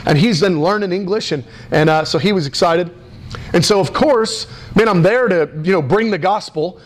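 Animated high-voiced male pastor. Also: normal speed. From United States. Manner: animated, excitable, many fillers and restarts. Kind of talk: sermon storytelling.

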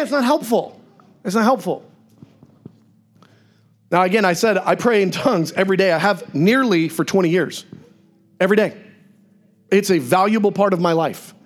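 A male pastor giving a sermon in a church, preaching in a conversational, animated way with frequent asides to the congregation. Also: high voice.

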